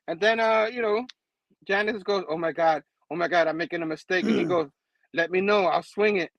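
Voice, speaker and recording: A man casually recapping a comic book, laughing often and acting out the characters in quick voices. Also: high voice, fairly bright tone, no echo, dull audio.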